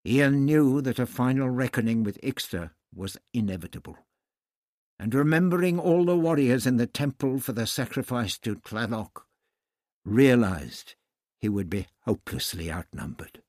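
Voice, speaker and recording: A man narrating a novel aloud as an audiobook, in a measured, even storytelling manner. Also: medium pitch, dry recording, studio quality. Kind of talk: scripted narration.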